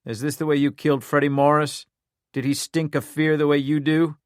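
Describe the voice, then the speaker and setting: A man's voice: a little high, level tone, fairly quick, clean tone, no room sound, pitched above the performer's own voice, lightly acted. A furious male detective bent on revenge, threatening in a raised, hard-edged voice, as a narrator plays him. The sound is dry and close, with no room around it. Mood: menacing. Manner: threatening, yelling.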